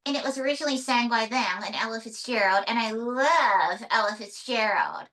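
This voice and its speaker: A woman, a ventriloquist, talking casually as an interview guest with animated storytelling. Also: on the high side, moderate pace.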